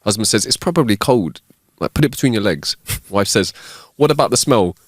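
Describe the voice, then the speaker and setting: A man co-hosting a podcast, telling jokes in a lively way with laughter in between. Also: on the low side, fairly quick, dry recording, clean studio sound. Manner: lively joke-telling with laughter, voices characters. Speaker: podcast co-host. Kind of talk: casual chat, telling jokes.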